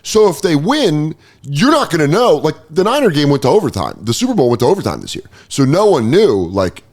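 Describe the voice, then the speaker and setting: Man, podcast host, casual chat, lively pitch, acts out quotes. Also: brisk. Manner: animated storyteller, acts out quoted people with voices.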